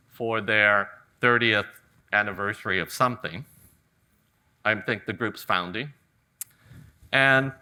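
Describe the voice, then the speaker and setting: A middle-aged man from California giving a live flower-arranging demonstration, talking in a relaxed, joking way. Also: medium pitch. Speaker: ikebana demonstrator. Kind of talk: live floral demonstration talk. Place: garden event venue with audience.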